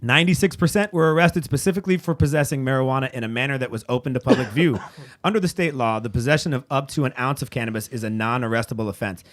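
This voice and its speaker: A man's voice: mid-range voice, fast. Profane, ranting male podcast host. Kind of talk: casual chat, reading news aloud.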